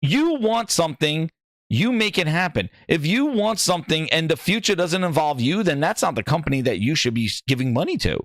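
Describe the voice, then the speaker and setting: Exasperated male gaming host, high lively voice, profane rant, dry close sound. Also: fairly quick, no room sound. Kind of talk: ranting commentary.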